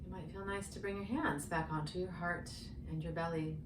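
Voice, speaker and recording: A woman who works as a yoga therapist, guiding a breathing practice in a slow, gentle, soothing manner. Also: lowish voice, steady tone, background noise. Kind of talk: guided breathing instruction. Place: indoor room with yoga mat. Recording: roomy, distant from the mic.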